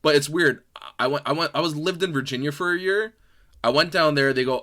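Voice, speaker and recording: A man from New York with a slight New York accent, co-hosting a casual podcast chat. He talks quickly, jokes and laughs often. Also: fairly high pitch, sharp tone. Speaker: podcast co-host.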